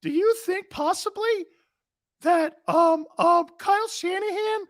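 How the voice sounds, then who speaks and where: A man putting on a high-pitched, squeaky voice for a timid, hesitant West Coast sports radio host. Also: unhurried, a bit bright. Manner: hesitant, full of ums.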